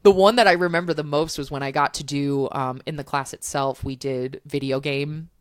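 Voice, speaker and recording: Brief: low-pitched woman, podcast guest, rambling storyteller, filler-heavy. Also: steady tone, normal speed, no room sound, studio quality. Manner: chatty storyteller with many "um"s and "like"s. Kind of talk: casual interview chat.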